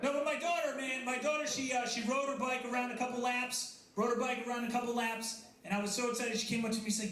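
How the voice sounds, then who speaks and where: High-voiced male stand-up comic. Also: level tone, fast, hardly any pauses, fairly bright tone. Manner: chatty, self-deprecating, banters with the crowd. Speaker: stand-up comedian. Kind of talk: stand-up comedy set. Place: coffee house stage with a live audience. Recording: echoey room with audible crowd.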